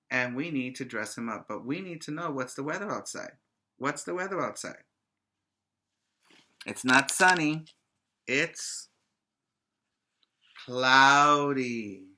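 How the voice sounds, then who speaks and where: A man teaching preschoolers over video, with a bright, forceful tone. He talks very slowly, in a sing-song voice, repeating each word so small children can follow. His questions are gentle and coaxing. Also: mid-range voice. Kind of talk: virtual preschool lesson.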